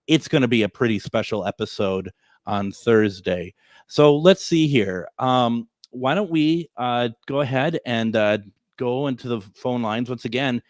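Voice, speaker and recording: A man hosting a call-in radio show, relaxed and using filler words as he moves between callers. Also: mid-range voice, measured pace, no echo, studio quality.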